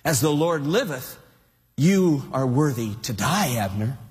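A man's voice: medium pitch, big pitch swings, a little slow, darkish tone. A man preaching, acting out a bold young male warrior who mockingly calls across a distance to a general. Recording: long hall reverb.

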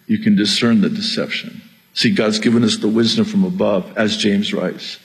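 A man preaching a sermon as pastor, emphatic and sometimes near yelling, with asides and jokes to the congregation. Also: fairly low pitch, poor audio.

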